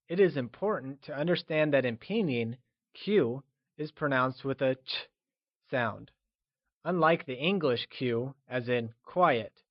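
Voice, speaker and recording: A man narrating a scripted language lesson, modeling words slowly and praising the learner's attempts. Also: mid-range voice, no room sound, lo-fi sound. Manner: slow, careful pronunciation drills with upbeat praise. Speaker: language teacher.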